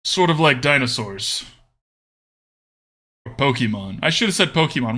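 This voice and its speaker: A man's voice: medium pitch, lively intonation, normal speed, pauses often, sharp tone. A man streaming a card game, thinking aloud about his plays and chatting casually with viewers.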